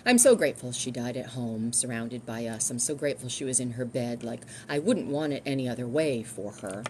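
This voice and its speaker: A woman's voice: extremely low pitch, expressive, a little fast, a little mellow, slight background noise. A middle-aged woman chatting casually on a live stream from home, rambling and restarting her sentences.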